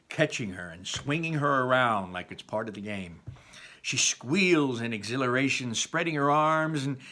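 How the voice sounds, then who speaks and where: A man, a teacher, reading a first-person novel aloud with expressive storytelling. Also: mid-range voice.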